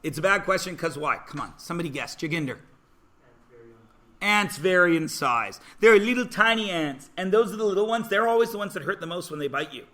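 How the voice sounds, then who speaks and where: Math teacher guy, kinda high bright voice, jokey, keeps poking the class to guess stuff. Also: expressive, fairly quick. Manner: joking, self-deprecating, prodding students to guess. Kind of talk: classroom lecture.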